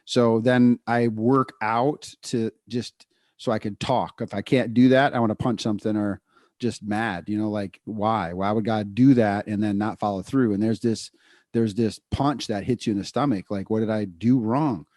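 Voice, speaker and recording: A man co-hosting a podcast, telling a candid personal story in casual chat, full of fillers and quick asides. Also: on the low side, steady tone, darkish tone, no echo, clean studio sound. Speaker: podcast co-host.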